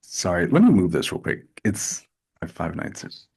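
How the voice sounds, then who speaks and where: Gravelly low-voiced man telling stories. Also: a little slow. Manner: animated storytelling with repeated restarts. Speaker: actor, interview guest. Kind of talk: casual interview chat.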